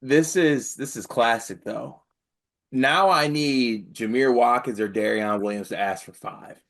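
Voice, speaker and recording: A man's voice: medium pitch, unhurried, a bit bright. A man co-hosting a casual sports talk show, loose, blunt and joking. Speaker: sports podcast co-host.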